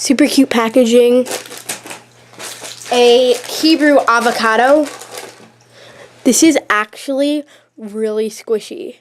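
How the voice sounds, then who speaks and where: A high, bright-pitched woman talks through a casual show-and-tell vlog. She is chatty and gushing, leaning on "like" and repeating "really, really." She films on a handheld camera that shakes at times. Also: slow, pauses often, a little hiss or hum. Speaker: YouTube vlogger showing her collection. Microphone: handheld camera, shaking at times.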